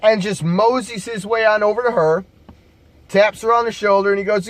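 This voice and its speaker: A man's voice: high voice, steady tone, normal speed. Profane, jokey man telling bar stories. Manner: laid-back, profane and jokey. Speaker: bar storyteller and bouncer. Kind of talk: casual storytelling to camera.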